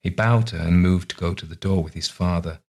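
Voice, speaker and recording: A man reading a short story aloud in a calm, measured narration. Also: sits low, gravelly. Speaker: reader. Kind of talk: scripted narration.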